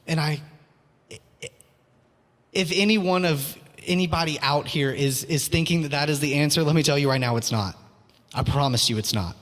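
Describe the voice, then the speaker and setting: A man's voice: on the high side, moderate pace, long pauses, fairly bright tone. A man preaching a sermon, earnest and pleading, repeating his phrases; he also teaches school. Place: church hall. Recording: long hall reverb.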